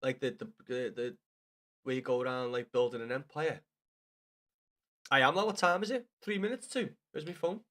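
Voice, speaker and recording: A man's voice: mid-range voice, normal speed, long pauses, pushed and bright. A man chatting casually to viewers on a live game stream, swearing freely and calling everyone lad.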